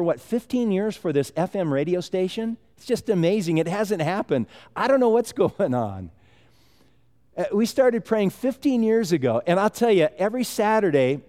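A man's voice: a little high, warm tone. A man preaching a sermon as pastor, talking conversationally with rambling asides and chuckles. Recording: long hall reverb.

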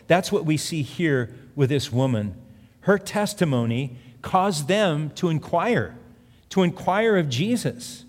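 A man's voice: a little high, a little mellow. A man preaching a sermon as pastor, earnest and conversational, reading scripture aloud between plain asides. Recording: long reverb of a large hall.

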